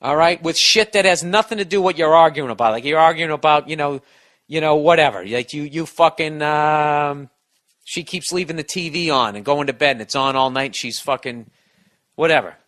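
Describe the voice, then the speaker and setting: Blunt, forceful man ranting on a podcast. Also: fairly high pitch, moderate pace. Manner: profane, blunt, restless rambling with restarts. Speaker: podcast host giving listener advice. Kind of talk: casual podcast rant.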